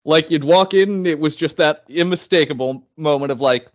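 A man's voice: fairly high pitch, moderate pace. A man co-hosting a casual podcast, tossing in wry, dry remarks. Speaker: podcast co-host. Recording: dull lo-fi podcast mic.

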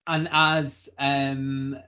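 A man's voice: mid-range voice, little pitch movement, very slow, bright, forceful tone. A man hosting a casual podcast chat, talking hesitantly with lots of fillers and restarts. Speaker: podcast host.

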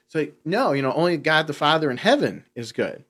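A man's voice: on the high side, sing-song, fairly quick, fairly bright tone, slightly rough. A man in a casual spiritual discussion, explaining earnestly with many fillers.

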